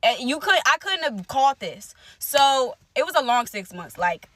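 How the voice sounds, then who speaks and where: A young woman telling viewers a personal story in casual vlog talk, animated and direct, acting out what others said. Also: unhurried, no echo. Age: young adult. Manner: animated, talks straight to viewers, acts out quotes; wide swings in pitch and loudness. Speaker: storyteller vlogger.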